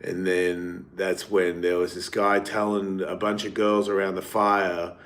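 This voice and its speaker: Man, podcast host, lowish voice, rambling casual storytelling, swears freely. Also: flat delivery, unhurried, a bit bright. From Australia. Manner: rambling, swearing, laughs often.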